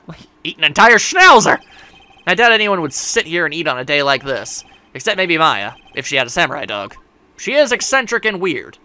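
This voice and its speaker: A man's voice: on the high side, pushed and bright, smooth. A man giving casual, joking, rambling gameplay commentary as a let's play host. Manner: joking, rambling, laughs often.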